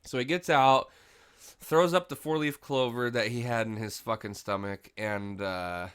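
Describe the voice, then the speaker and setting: A young man with a bright, crisp voice rants his way through a movie review, a bit drunk and swearing freely. The sound is dry and close, with no room around it. He talks casually and mocks what he dislikes. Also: mid-range voice, unhurried, dry recording. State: tipsy from drinking. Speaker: movie review podcast co-host.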